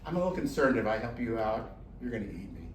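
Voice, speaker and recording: A man's voice: fairly low pitch, very animated, fast talker, slight background noise, voice pushed down. A man voicing a wary, nervous grown man who stammers and hesitates. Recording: roomy distant room mic.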